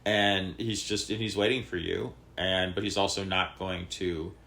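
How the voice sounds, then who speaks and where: A man with a lowish voice talks on a podcast and explains things in a loose, rambling way. He restarts his sentences and fills the gaps with 'like' and 'you know'. The tone is relaxed chat. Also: moderate pace, creaky. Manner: rambling, many fillers and restarts, explaining a parable. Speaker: podcast co-host. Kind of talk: casual chat.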